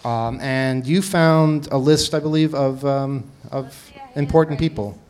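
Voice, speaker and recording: A man's voice: medium pitch, steady tone, unhurried, darkish tone. A man hosting a casual chat, rambling with many restarts and laughing at himself. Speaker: podcast host.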